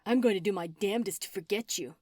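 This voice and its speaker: A woman's voice: medium pitch, fast, a little mellow, no echo, clean studio sound, natural voice. A woman narrator voicing a frightened young man who sounds panicky and exasperated. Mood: panicked.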